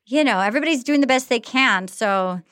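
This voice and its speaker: A woman's voice: fairly high pitch, animated, brisk, fairly bright tone, clear, resonant tone, no room sound, studio quality. A woman author chatting as a guest, rambling and swearing freely, calling people "dude". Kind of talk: casual chat.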